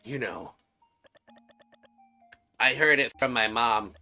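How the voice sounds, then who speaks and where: A gossipy schoolkid passing on rumors in a confiding tone, as a man reads the lines aloud. The voice is gravelly and bright. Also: mid-range voice, slow pace, soft background music, heavily acted.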